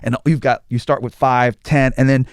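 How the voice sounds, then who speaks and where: A man's voice: mid-range voice, moderate pace, smooth, dry recording, clean studio sound. A man telling stories in a casual interview, acting out quotes and restarting his sentences. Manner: animated storyteller acting out quotes, stammering restarts. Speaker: guest, former tour manager. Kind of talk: casual storytelling.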